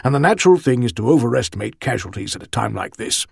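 A man's voice: mid-range voice, very animated, quick pace, gravelly, a little mellow, husky, no echo, clean studio sound, full character voice. A man voicing a harsh, tense male commander in an audiobook, clipped and short. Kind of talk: audiobook character reading.

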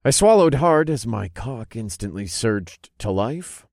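A man narrating a first-person fantasy audiobook with an expressive storytelling delivery. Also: medium pitch, measured pace, no echo, studio quality.

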